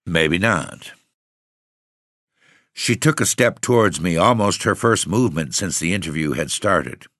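A man reading a first-person story as narrator, in a measured, composed way. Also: deep voice, lively intonation, a bit bright, dry recording, studio quality.

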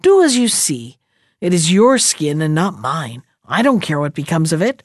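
A woman's voice: low voice, big pitch swings, moderate pace, no room sound, studio quality. A woman voicing a blunt, cheeky young boy who gives warnings in a folktale. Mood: irritated. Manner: bright, insistent warnings.

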